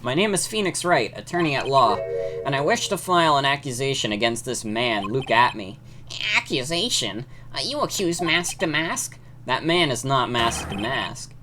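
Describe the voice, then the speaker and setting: A woman's voice: extremely low pitch, animated, moderate pace, background noise. A woman reading an earnest young lawyer.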